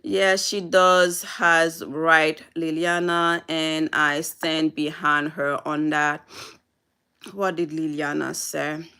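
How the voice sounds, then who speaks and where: A woman's voice: low voice, level tone, slow, bright, forceful tone, clean tone. A woman on a live stream, upset and teary, pleading with and scolding her viewers while reading the chat.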